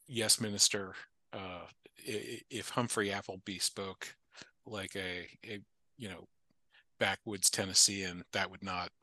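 A man as a podcast guest in casual chat, measured and precise with a dry wit. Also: on the low side, sharp tone, no room sound. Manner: measured, precise, dryly witty.

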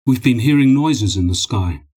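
A man's voice: medium pitch, expressive, normal speed, darkish tone, breathy edge. A man reading a laconic male admiral in a storybook, matter-of-fact and dry.

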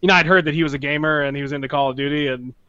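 Crisp, bright-voiced male guest. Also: a little high, steady tone, very fast, no room sound. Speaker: podcast guest. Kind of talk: casual podcast chat. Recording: dull, lo-fi call audio.

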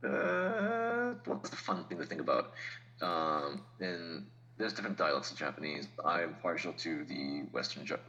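A man's voice: very deep voice, very animated, normal speed, bright, forceful tone, dull audio. A man talking as a podcast guest in casual chat, explaining things patiently with laughs and asides.

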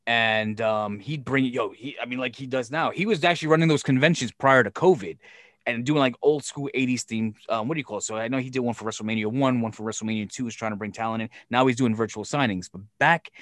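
A man hosting a podcast, telling a story in casual chat, animated and profane, acting out scenes as he goes. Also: mid-range voice, quick pace, no echo, clean studio sound.

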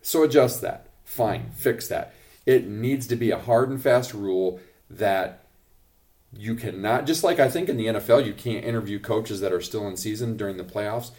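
A man's voice: lowish voice, normal speed. A man hosting a sports podcast, giving emphatic, opinionated takes in casual talk. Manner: emphatic, opinionated, rising to loud points. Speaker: podcast host.

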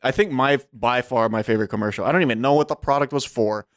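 A man's voice: medium pitch, fast, no room sound, clean studio sound. A man co-hosting a podcast, joking and telling stories in casual chat. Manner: joking, storytelling with acted-out quotes. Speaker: podcast co-host. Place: small home studio.

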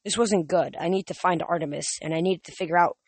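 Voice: mid-range voice, fast, breathy edge, no room sound. Casual audiobook reader, many slips. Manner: casual, with frequent slips and restarts. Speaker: narrator. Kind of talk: audiobook reading.

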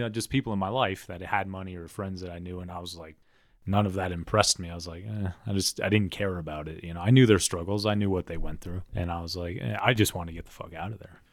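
A man's voice: sits low, no room sound, studio quality. A man co-hosting a podcast, telling loose, rambling stories in casual chat. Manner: loose, rambling storytelling with frequent "like". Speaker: podcast co-host.

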